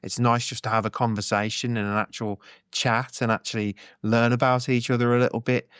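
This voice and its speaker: A man co-hosting a podcast, telling relaxed anecdotes and acting out other people's lines. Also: medium pitch, a little fast, clean tone, no echo, studio quality. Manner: relaxed anecdotal, acts out quotes. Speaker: podcast co-host. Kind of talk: casual chat.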